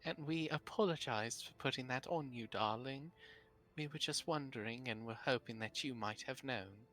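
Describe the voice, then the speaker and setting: A man's voice: mid-range voice, normal speed, a bit bright, faint music behind, close to an everyday voice. A man voicing a flamboyant, theatrical man who stammers and calls everyone darling.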